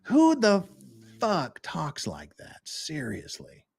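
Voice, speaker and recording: A man's voice: fairly high pitch, huge pitch swings, slow pace, gravelly, slightly rough. A man hosting a live-stream legal commentary show, ranting in a profane, sarcastic and exasperated way.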